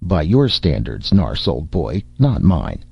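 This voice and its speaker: A man's voice: very deep voice, huge pitch swings, slow pace, creaky, slightly rough, no echo, full character voice. A man voicing a brash, commanding male hero who barks orders with sardonic humor, in a storybook reading. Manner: bossy, sardonic, barking orders. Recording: dull, dry lo-fi recording.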